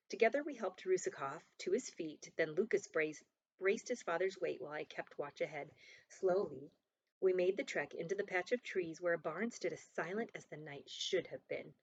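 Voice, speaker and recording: A woman narrating a first-person novel chapter in a steady, earnest storytelling voice. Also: fairly low pitch, breathy edge. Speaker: audiobook narrator. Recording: dull lo-fi recording.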